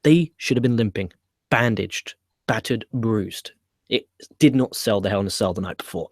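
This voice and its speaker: A man giving a casual, opinionated recap of a wrestling show he is booking, blunt and quick to swear. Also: on the low side, no room sound, studio quality.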